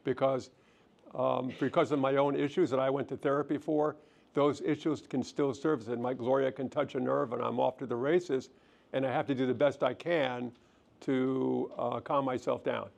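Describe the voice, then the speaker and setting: A man with a gravelly voice talks through a lecture on relationships. He is gentle and self-deprecating and restarts sentences as he thinks aloud. It has the easy feel of a counselor speaking to a live audience. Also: medium pitch, steady tone, normal speed. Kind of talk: relaxed lecture with audience questions. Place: lecture hall.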